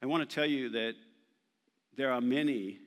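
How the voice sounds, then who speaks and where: A man's voice: mid-range voice, normal speed. Man preaching in a reverberant hall. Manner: animated, emphatic preaching with playful asides. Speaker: pastor. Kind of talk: sermon. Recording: long reverb of a large hall.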